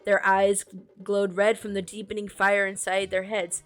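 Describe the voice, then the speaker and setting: A woman's voice: medium pitch, completely flat delivery, moderate pace, faint music behind. A woman streamer reading a storybook aloud, chatting with viewers and fixing small slips as she goes. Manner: chatty asides to chat, reads with small self-corrections.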